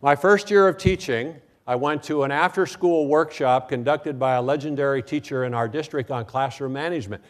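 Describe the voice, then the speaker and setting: An older man addressing a conference audience, recounting his years in the classroom in a relaxed storytelling way. His pitch sits in an ordinary middle range, and he slips into quoted voices of students and himself as he goes. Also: normal speed, hardly any pauses. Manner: storytelling, acts out quoted voices, frequent "okay, now". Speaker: speaker at a conference. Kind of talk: keynote talk with anecdotes.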